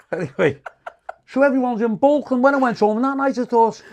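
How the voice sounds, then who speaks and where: High gravelly comedian. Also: male voice, fairly quick, darkish tone. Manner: crude, swearing anecdotes with acted-out quotes. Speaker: comedian guest. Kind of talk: casual storytelling.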